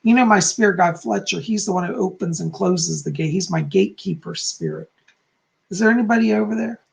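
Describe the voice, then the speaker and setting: A man's voice: high-pitched, a little fast, creaky. A man hosting a live-stream psychic reading, answering viewers in a chatty, reassuring way and often ending points with "okay?". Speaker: psychic host.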